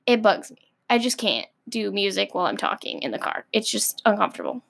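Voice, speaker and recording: A young woman hosting a solo podcast, ranting in an exasperated, animated way with many fillers. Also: medium pitch, brisk, vocal fry, husky. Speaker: podcast host.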